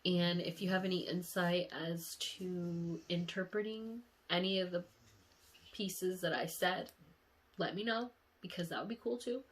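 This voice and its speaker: Woman vlogger, teary and emotional, unhurried delivery, frank and profane. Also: fairly low pitch. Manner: emotional, sighing, candid and profane. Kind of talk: casual dream-diary vlog.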